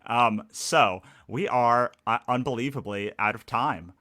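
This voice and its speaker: A man's voice: mid-range voice, measured pace, sharp tone, no room sound, clean studio sound. A man moderating a live panel discussion, talking with many fillers and restarts.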